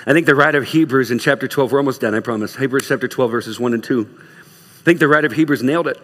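A man preaching a sermon as pastor, lively and urgent, dropping at times to soft, hushed lines. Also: medium pitch, quick pace. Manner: animated, swings from loud urging to soft hushed lines. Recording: long reverb of a large hall.

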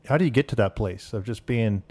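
A man co-hosting a podcast who asks questions in a halting, restarting way. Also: lowish voice, darkish tone. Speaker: podcast co-host. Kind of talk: casual interview chat.

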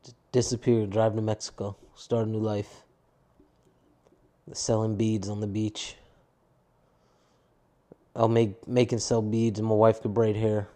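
A young adult man talks alone into his podcast mic, rambling and swearing with a tired, downbeat edge. His voice is mellow and warm, never bright. He drifts loosely from one gripe to the next. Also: fairly low pitch, little pitch movement, measured pace, pauses often. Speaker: podcast host. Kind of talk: casual solo podcast rant.

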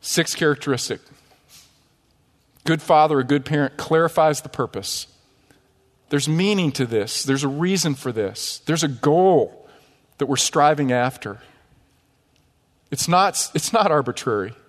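A middle-aged man preaching in a church sanctuary, his fairly high voice carrying a long hall reverb. He talks conversationally and jokes with the congregation between points, then slows for emphasis. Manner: lively, conversational preaching with humor. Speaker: pastor. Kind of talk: sermon.

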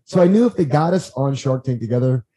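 A man guesting on a podcast, telling stories in a lively, rambling way and acting out what others said. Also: medium pitch, fast, rough recording. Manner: animated, acts out quotes, frequent restarts. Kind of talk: casual storytelling chat.

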